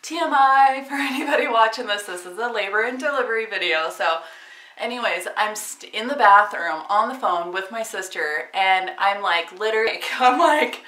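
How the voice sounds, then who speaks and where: A woman tells her story to the camera in a loose, chatty way, full of fillers and laughing often. Her voice is bright, and the room around her is echoey. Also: mid-range voice, moderate pace, distant mic. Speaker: vlogger.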